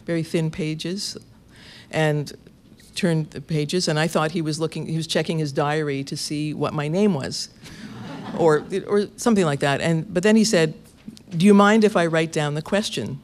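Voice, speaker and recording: A man with a somewhat high voice tells a long anecdote in conversation. He is a radio interviewer recalling his work, and his delivery is lively, breaking into laughter and restarting phrases. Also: moderate pace.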